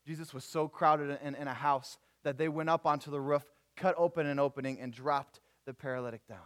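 Casual, animated young male preacher. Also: fairly high pitch, brisk. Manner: animated storytelling with voiced characters, casual slang. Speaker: youth preacher. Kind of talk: sermon.

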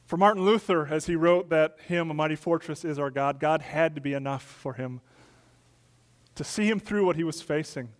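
Male pastor, middle-aged, slightly high voice, emphatic sermon delivery with loud peaks and soft drops. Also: normal speed.

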